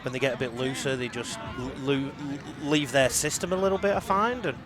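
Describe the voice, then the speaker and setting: A man's voice: medium pitch, a little fast, a crowd in the background. Chatty man giving rugby analysis. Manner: chatty, relaxed analysis with asides. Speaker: colour commentator. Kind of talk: live rugby league commentary.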